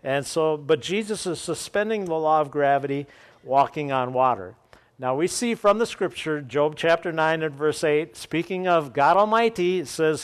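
A man's voice: on the high side, lively intonation, normal speed. A man preaching a sermon, explaining scripture and reading it aloud with dramatic lifts for the quoted voices, often repeating key phrases.

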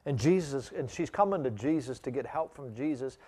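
A man with a non-local, non-Australian accent preaches a sermon, telling personal stories in an emphatic, conversational way with frequent repetitions. His mid-range voice is expressive and dark in tone, and he speaks briskly.

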